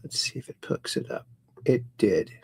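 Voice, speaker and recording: A man's voice: normal speed, darkish tone, slight background noise. A man hosting a casual livestream, reading viewers' chat messages aloud in a folksy, playful sing-song way. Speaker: host.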